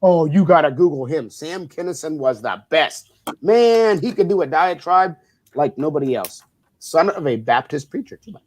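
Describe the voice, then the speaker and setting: A man's voice: fairly high pitch, animated, moderate pace, slight background noise. A middle-aged man co-hosting a casual chat show, rambling and teasing like a big brother. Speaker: co-host.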